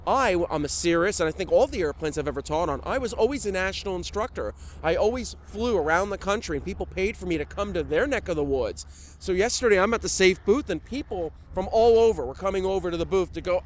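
A man's voice: high-pitched, lively intonation, fast talker, slight background noise. A man, a flight instructor, talking chattily and with animation in an interview. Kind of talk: enthusiastic interview talk.

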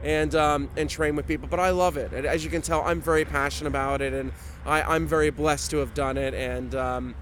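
A man's voice: on the high side, fairly even intonation, brisk, a bit bright, a little hiss or hum. A man, a flight instructor, talking chattily and with animation in an interview. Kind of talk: enthusiastic interview talk.

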